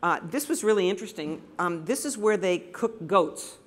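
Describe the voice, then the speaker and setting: A woman's voice: lowish voice, animated, moderate pace. Enthusiastic American woman telling stories. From United States. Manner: enthusiastic, anecdotal storytelling. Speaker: photographer presenting to an audience. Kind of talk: presentation talk with slides. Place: room with a live audience.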